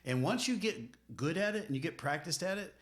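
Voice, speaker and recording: A man's voice: fairly high pitch, animated, a little fast. A middle-aged man co-hosting a podcast, giving earnest, emphatic, preacherly advice as a marriage counselor. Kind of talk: conversational podcast teaching.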